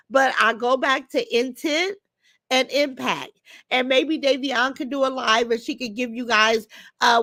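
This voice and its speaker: An older woman, speaking in a high voice. She hosts a casual livestream, reading chat comments and answering them bluntly, heated and swearing freely. The sound is dry and close. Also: bright, forceful tone, dry recording. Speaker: livestream host.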